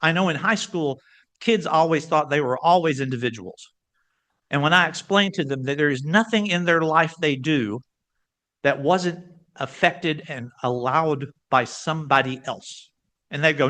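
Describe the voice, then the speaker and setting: Older male guest speaker, bright and slightly high, animated storyteller at a club meeting. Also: normal speed. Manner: animated storyteller, varies pitch and pace for emphasis. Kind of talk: lively club talk.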